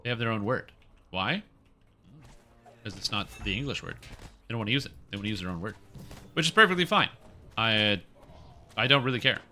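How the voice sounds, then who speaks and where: A man's voice: fairly low pitch, expressive, brisk, long pauses, pushed and bright. A young man from Canada streaming a game, chatting casually in a rambling way and answering his chat. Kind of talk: casual chat while gaming.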